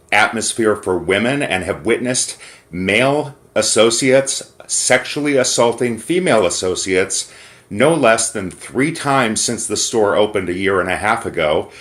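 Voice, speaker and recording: An American man making an angry complaint call over the phone, emphatic and pausing to choose his words. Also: fairly low pitch, a bit bright. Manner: indignant, emphatic, pauses to pick words. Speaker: caller reporting to corporate. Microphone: phone call recording.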